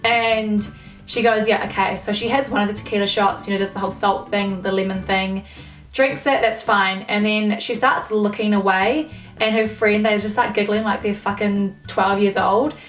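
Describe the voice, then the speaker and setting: Young woman, exasperated swearing vlog rant, mid pitch, echoey room, mic set back. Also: fairly even intonation, normal speed, recorded from a distance, soft background music. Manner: swears a lot, filler-heavy, exasperated. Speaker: vlogger. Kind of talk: casual ranting monologue.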